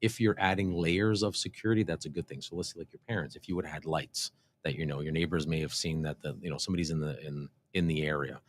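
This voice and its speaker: A police officer hosting a casual livestream Q&A, explaining things in a relaxed way with many fillers and restarts. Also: male voice, very deep voice, quick pace, slight background noise. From Canada. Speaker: police constable and show host. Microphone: desk microphone, briefly too far from it.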